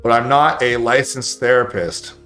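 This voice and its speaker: A man speaking on a live stream in a blunt, profane, animated way, acting out quoted voices as he gives advice. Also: mid-range voice, moderate pace, soft background music. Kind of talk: casual live-stream rant.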